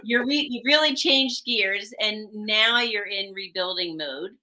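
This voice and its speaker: A woman's voice: mid-range voice, unhurried, pushed and bright, poor audio. A woman hosting an interview, encouraging her guest and laughing along with her. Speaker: interview host.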